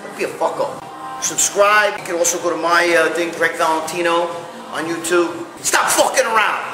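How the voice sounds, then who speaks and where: A man hosting his own show, delivering a profane comic rant straight to camera with loud, shouted bursts and constant swearing. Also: high voice. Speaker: host.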